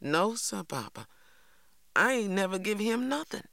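A man's voice: high voice, very animated, measured pace, creaky, bright, forceful tone, no echo, clean studio sound, voice pushed up, full character voice. A man voicing an earnest, questioning boy. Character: earnest thoughtful Southern boy.

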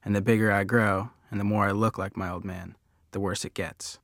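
A man's voice: fairly low pitch, level tone, a little fast, fairly bright tone, no echo, studio quality. A man narrating a first-person audiobook in a conversational, wry storytelling manner.

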